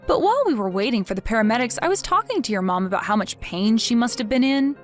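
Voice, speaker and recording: A woman's voice: a little high, very animated, quick pace, faint music behind. A woman voicing a cold, vengeful wife. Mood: taunting. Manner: mocking, sarcastic. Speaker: wife in a text-message story.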